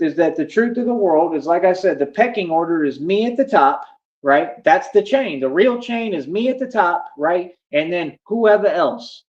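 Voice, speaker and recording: High-voiced boastful man ranting on stream. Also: lo-fi sound. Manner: boastful, defiant, addressing chat. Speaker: livestreamer. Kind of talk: ranting livestream. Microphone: phone.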